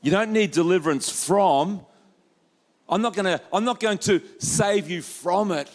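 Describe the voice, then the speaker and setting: A man preaching a lively sermon as pastor, acting out quoted voices with jokey asides. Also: high voice, a little slow. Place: church hall.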